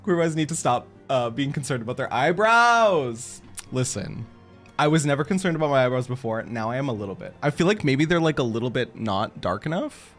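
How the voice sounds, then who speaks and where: A man's voice: medium pitch, lively intonation, a little fast, a bit bright, faint music behind. A man streaming a game and chatting casually with his viewers, giggly and self-mocking, laughing often.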